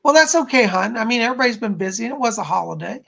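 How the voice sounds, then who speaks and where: A man's voice: very high voice, expressive, rapid-fire, gravelly, pushed and bright. A man hosting a psychic live stream, chatting casually and bubbling over as he greets viewers by name and reads their comments.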